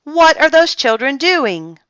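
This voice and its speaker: A woman's voice: high-pitched, sing-song, takes it slowly, a bit bright, no echo, highs cut off, pitched above the performer's own voice, full character voice. A woman reading aloud as a puzzled middle-aged man of the house in a storybook, exclaiming and questioning.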